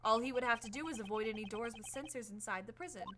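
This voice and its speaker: A woman voicing a calm, formal male prosecutor, reading game dialogue aloud in a measured, quiet way. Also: a little high, noisy background, close to an everyday voice. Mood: composed.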